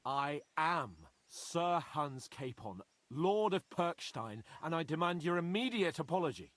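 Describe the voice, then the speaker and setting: A stuck-up young game noble, lively up-and-down voice, pretty high, dry close sound. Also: male voice, normal speed, no echo, heavily acted. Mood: haughty. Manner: haughty, demanding. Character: pompous young nobleman, arrogant and easily insulted. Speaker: game character. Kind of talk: video game voice acting.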